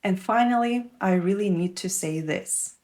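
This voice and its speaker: A woman's voice: medium pitch, moderate pace, darkish tone. Woman reviewing a show. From Russia. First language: Russian. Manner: wry, candid and enthusiastic. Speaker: TV show reviewer and English teacher. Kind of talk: scripted video essay commentary.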